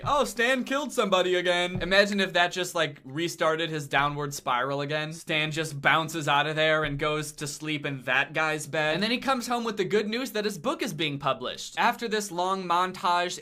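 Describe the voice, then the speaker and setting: A young man delivers comedic commentary on a movie with a sarcastic, exasperated edge. His voice sits a little high and sounds bright and forward. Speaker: commentary host.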